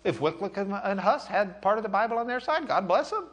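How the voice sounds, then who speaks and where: A man's voice: very animated, normal speed. A man voicing a cheerful, vivacious reformer in a light, breezy manner. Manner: light, breezy, high-pitched.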